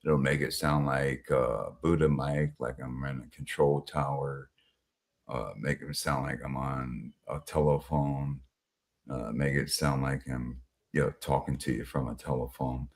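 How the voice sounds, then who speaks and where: A man's voice: extremely low pitch, fairly even intonation, measured pace. A man hosting a live stream, chatting casually and rambling with many fillers and casual swearing.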